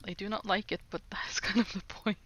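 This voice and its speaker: In a whisper, a woman whose native language is Norwegian talks to her chat a little fast while practicing on a language app. Her mid-range voice is steady and slightly bright, and she giggles and jokes at her own expense.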